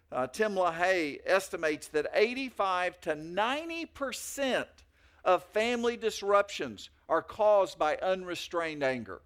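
High-voiced man preaching a sermon. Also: fairly bright tone. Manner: conversational preaching with anecdotes and fillers. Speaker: pastor.

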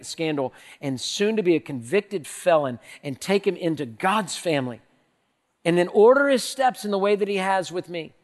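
Male pastor, high-pitched, dynamic sermon delivery, reverberant hall. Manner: preaching with wide swings from hushed prayer to loud emphasis.

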